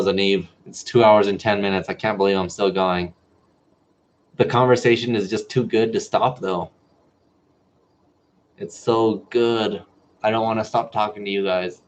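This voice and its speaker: A man's voice: fairly low pitch, a little hiss or hum. A man in his twenties from New Mexico hosting a casual livestream Q&A as a medical student, chatty, reading viewer comments aloud and answering them. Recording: dull lo-fi livestream audio.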